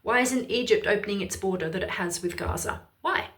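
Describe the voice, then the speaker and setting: Irish woman, ranting video commentary, heated, emphatic, exasperated, mid-pitched voice. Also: brisk, a bit bright. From Ireland. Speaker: political commentator.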